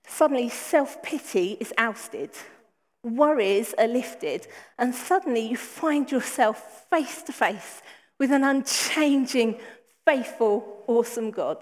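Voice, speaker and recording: A woman's voice: on the high side, animated, slow. A woman preaching a sermon, earnest and emphatic, repeating phrases for weight. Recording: long hall reverb.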